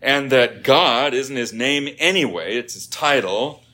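A man's voice: mid-range voice, unhurried, bright, forceful tone. A middle-aged man preaching a sermon in a conversational teaching manner, rising to emphatic points.

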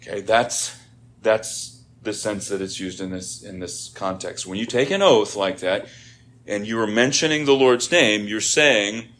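Middle-aged male preacher, lower voice, conversational sermon with emphatic rises. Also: unhurried, a bit bright.

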